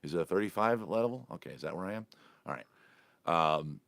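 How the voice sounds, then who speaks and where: A middle-aged man with a deep, gravelly voice hosts a relaxed coffee chat for his supporters. He rambles and breaks off mid-sentence. He speaks casually, as if talking straight to a phone held close. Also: moderate pace, no echo. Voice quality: low gravelly voice. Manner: rambling, self-interrupting, chatty. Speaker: entertainer and vlog host.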